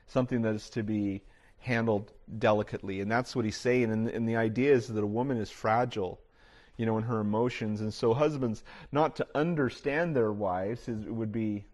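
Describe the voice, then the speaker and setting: A man's voice: on the low side, fairly even intonation, moderate pace, darkish tone. Middle-aged man preaching casually. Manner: casual, frequent "you know" fillers and restarts. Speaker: pastor. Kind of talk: conversational sermon.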